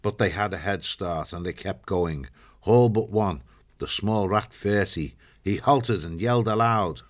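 A man reading an audiobook in steady, measured scripted narration. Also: low-pitched.

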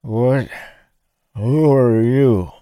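A man's voice: mid-range voice, mellow, no room sound, studio quality, pitched above the performer's own voice, natural voice. A man putting on a slurring toothless old man. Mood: weary. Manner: slow slurred old man's speech.

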